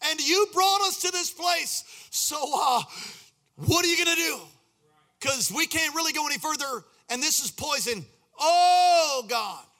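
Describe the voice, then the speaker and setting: A man voicing a desperate leader crying out to God in loud, pleading, high shouts. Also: lively intonation, unhurried, full character voice.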